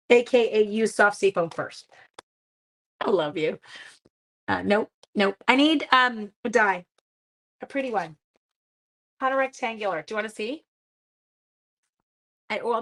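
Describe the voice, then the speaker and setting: A middle-aged woman hosts a live stream as she crafts, her voice slightly hoarse and cracking at moments. She chats with her viewers casually, with plenty of self-mocking humor. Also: medium pitch, fairly bright tone. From Canada. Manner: chatty, self-mocking, talks to viewers while working. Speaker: papercraft live-stream host.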